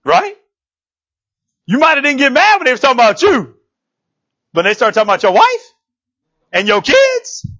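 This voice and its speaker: A man preaching a sermon in an animated, conversational way, full of casual slang and quick rhetorical asides to the congregation. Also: very high-pitched, dull audio.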